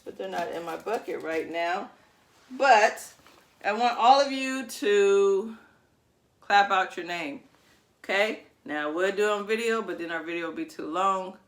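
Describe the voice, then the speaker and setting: A woman's voice: medium pitch, pushed and bright. A woman preschool teacher giving a video lesson to young children, talking in a sing-song, encouraging way.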